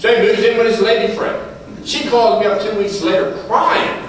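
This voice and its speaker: A man's voice: high-pitched, normal speed, a little hiss or hum. Older man, folksy storyteller in echoey hall. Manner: folksy, repeats phrases, chuckles through stories. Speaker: recovery meeting speaker. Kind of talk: storytelling speaker's talk at a meeting. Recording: very echoey hall, heard from far off.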